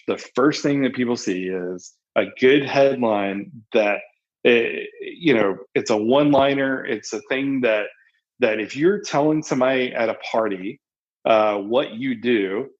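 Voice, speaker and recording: Here a man tells stories in a loose podcast conversation, rambling animatedly with many fillers and false starts. The recording of his medium-pitched voice is dull.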